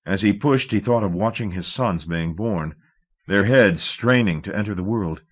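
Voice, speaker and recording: A man narrating a novel in a measured, steady audiobook reading. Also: on the low side, husky.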